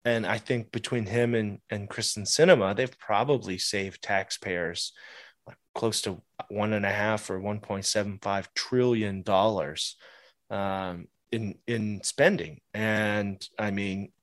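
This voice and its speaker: A man's voice: lowish voice, steady tone, slow, dry recording, clean studio sound. A man co-hosting a podcast, chatting casually about politics, laughing often and restarting his sentences. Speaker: podcast co-host.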